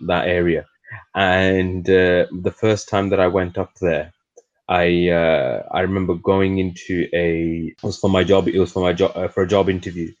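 A man with an English accent, a podcast co-host telling a story in casual, chatty conversation. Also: low voice. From England. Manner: chatty storyteller, animated when joking. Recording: lo-fi audio.

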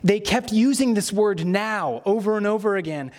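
A male pastor preaching a sermon, reading scripture aloud and acting out the quoted voices with lively expression. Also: high voice, normal speed.

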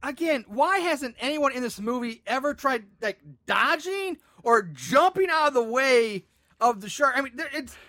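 A man hosting a casual podcast, recapping a movie with animated sarcasm and frequent swearing. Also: extremely high pitch, moderate pace, no room sound, studio quality.

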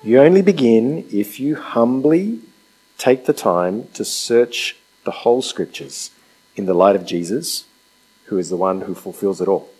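A man's voice: on the low side, expressive, measured pace, a little mellow, low-quality recording. A man preaching a sermon in a conversational way, asking rhetorical questions and acting out quotes.

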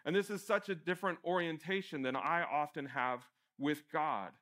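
A young man preaching a sermon in a conversational, self-deprecating way, acting out calls and shouts with lively energy. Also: fairly high pitch, normal speed. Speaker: pastor.

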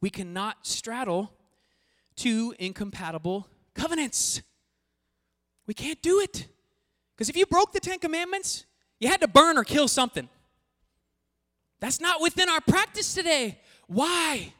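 A pastor preaching a sermon to a congregation, talking animatedly and swinging between quiet passages and loud emphatic bursts. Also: sits high, sing-song, a little slow, long pauses. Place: church hall before a congregation. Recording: long echoey hall reverb.

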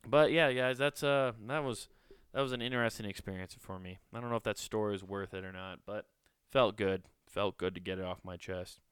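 A man's voice: fairly low pitch, brisk, fairly bright tone, clear, resonant tone, dry recording, studio quality. A man in his thirties hosting a podcast, rambling casually, swearing and joking at himself. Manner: rambling, swearing, self-mocking. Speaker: podcast host.

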